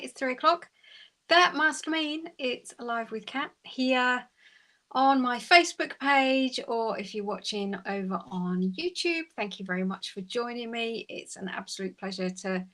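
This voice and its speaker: A woman's voice: on the high side, bright, forceful tone. A middle-aged English woman from the UK hosts a casual live chat, speaking in a chatty, encouraging way and putting questions to her viewers.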